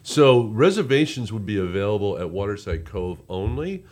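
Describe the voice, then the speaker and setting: A man's voice: fairly low pitch, very animated, normal speed, a little mellow. A man, a resort representative chatting casually in an interview, rambling with many restarts.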